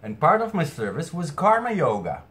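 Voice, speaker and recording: A man's voice: on the high side, wildly swooping pitch, normal speed, fairly bright tone. A man astrologer speaking earnestly to camera, hesitating and restarting often, with something caught in his throat. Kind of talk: weekly spiritual message to camera.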